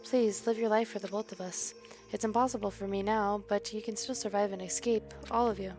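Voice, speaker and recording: A gentle, polite computer program with a boy's personality, voiced by a woman reading a video game. It talks softly and carefully, in a mid-pitched voice. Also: steady tone, fairly quick, soft background music, lightly acted.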